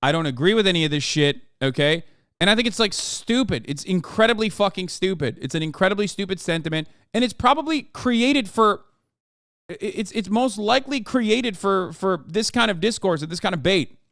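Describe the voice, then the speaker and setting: A man's voice: high voice, lively intonation, moderate pace, a bit bright, dry recording, studio quality. An American man in his thirties, a streamer ranting through livestream commentary, swearing constantly and exasperated.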